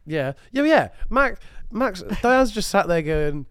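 A man's voice: high-pitched, animated, a little slow, smooth, dry recording, studio quality. A young man co-hosting a podcast, a bit ill with a cold, teasing his co-host and telling stories with animation. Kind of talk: casual chat.

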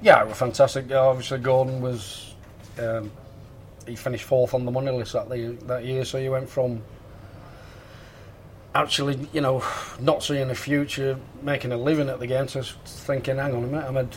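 A former golf caddie, a man, telling anecdotes in a relaxed interview and acting out the dialogue. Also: mid-range voice, normal speed, a little hiss or hum. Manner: animated, acts out quoted dialogue. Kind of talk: casual anecdotal storytelling.

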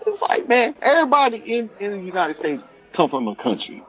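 A man jumping in to riff on what his co-host said, his fairly high voice bouncing up and down. The recording is muffled and lo-fi. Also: huge pitch swings, a bit bright. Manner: chimes in with quick agreement and riffs. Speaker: podcast co-host. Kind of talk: casual bar-table chat. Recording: dull lo-fi podcast audio.

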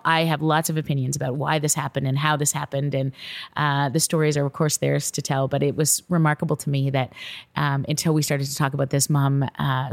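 A woman with a low, gravelly voice tells a personal story, blunt and swearing freely. She swings into animated voices when recounting what people said, recorded close and dry. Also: no room sound. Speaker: podcast host, psychologist.

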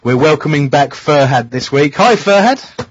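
A man's voice: on the high side, expressive, normal speed, a little hiss or hum. A man hosting a casual radio show, teasing his co-hosts. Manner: teasing, jokey. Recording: dull dry lo-fi radio studio sound.

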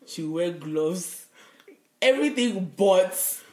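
A woman's voice: lowish voice, lively intonation, takes it slowly, dark tone, roomy sound. A woman co-hosting a podcast, telling stories animatedly with frequent laughter and swearing. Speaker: podcast co-host. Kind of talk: casual chat. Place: Edmonton, Alberta, Canada.

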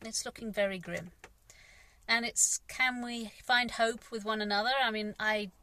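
English lady vlogging, kinda high clear voice, rambly and frustrated, lots of sighs. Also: steady tone, unhurried, pushed and bright, low-quality recording. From England. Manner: rambling, candid, frustrated, frequent sighs and fillers. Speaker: gardener. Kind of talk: personal vlog monologue.

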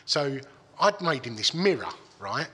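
A man's voice: mid-range voice, sing-song, a little slow, bright, forceful tone, breathy edge. A man telling a story in casual chat, swearing freely and restarting his sentences. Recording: long hall reverb.

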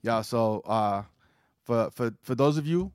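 A man's voice: medium pitch, lively intonation, a little slow, a little mellow, smooth, no echo, studio quality. A man co-hosting a podcast, chatting casually and joking, with a rambling style full of fillers and restarts. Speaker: podcast co-host.

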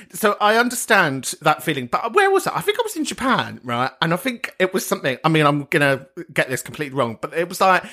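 A camp, foul-mouthed man in his thirties hosts a chatty podcast. His voice is bright and forceful, and it jumps all over the place in pitch. He laughs often as he talks. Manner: sweary, camp and gossipy, laughs a lot. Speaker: podcast host. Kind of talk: casual comedic chat.

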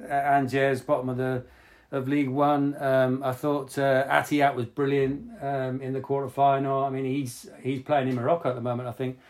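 A man discussing football tactics in casual podcast chat, analytical and hesitant, often pausing to rephrase. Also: medium pitch, darkish tone. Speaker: football pundit.

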